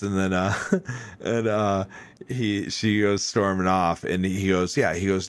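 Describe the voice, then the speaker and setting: A man hosting a podcast, chatting casually and telling animated, rambling stories full of fillers. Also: fairly low pitch, unhurried, clean tone, no echo. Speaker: podcast host. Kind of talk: casual chat.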